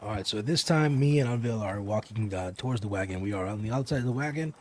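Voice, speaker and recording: Low-voiced male tabletop player. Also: fast, darkish tone, slight background noise. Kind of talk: tabletop game table talk.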